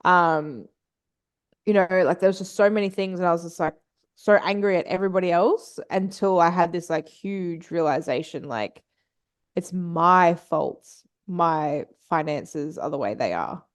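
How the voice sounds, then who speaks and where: Candid woman, low voice. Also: expressive, normal speed. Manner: candid, swears freely. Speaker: podcast guest, business and mindset coach. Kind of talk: casual podcast storytelling.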